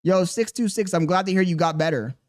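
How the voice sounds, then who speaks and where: A man's voice: sits high, brisk. A young man livestreaming, talking casually and defensively to his chat, rambling and firing questions back at them.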